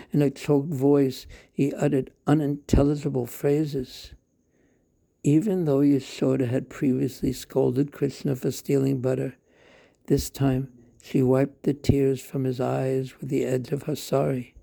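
Give me a man narrating a devotional tale with a very dark, mellow voice. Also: mid-range voice, gravelly. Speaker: storyteller.

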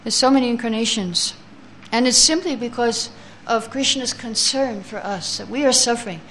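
A woman teaching a scripture class who chants verses slowly, then reads the translations and explains them, taking answers from her listeners. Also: fairly high pitch, fairly bright tone, a little hiss or hum.

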